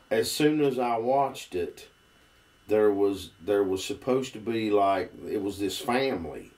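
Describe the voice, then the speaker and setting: A man's voice: fairly low pitch, a little mellow, far from the mic. A man with a Southern US accent, telling stories in a folksy, drawling way in a casual conversation. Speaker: guest.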